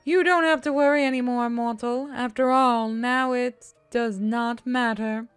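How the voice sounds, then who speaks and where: A high, drawn-out, mocking voice of an evil spirit, as a woman puts it on. It gloats over its victims in a game reading. The sound is dry and close. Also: fairly even intonation, clear, resonant tone, no room sound, faint music behind, natural voice. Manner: slow, theatrical, mocking. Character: gloating evil spirit possessing a young man.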